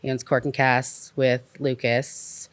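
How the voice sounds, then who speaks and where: A man's voice: medium pitch, slow pace, clean tone, no room sound. A man guesting on a casual chat show, talking easily as a restaurant owner about his businesses. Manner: relaxed, lists names and places easily.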